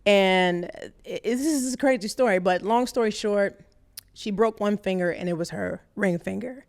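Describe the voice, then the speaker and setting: She talks like a guest in casual conversation, candid and chatty, often laughing at her own story. Her voice sits at an ordinary middle pitch for a woman. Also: moderate pace, creaky. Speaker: radio host appearing as podcast guest.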